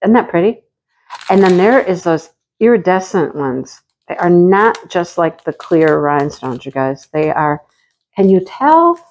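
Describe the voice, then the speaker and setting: A middle-aged woman hosting a casual craft unboxing vlog, chatty and gushing with excitement. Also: fairly low pitch, a little hiss or hum. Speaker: craft channel host.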